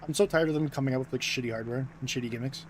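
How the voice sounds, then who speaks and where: Rambling young American streamer. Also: male voice, medium pitch, rapid-fire, slight background noise, low-quality recording. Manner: rambling, filler-heavy, self-interrupting. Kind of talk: casual stream chat.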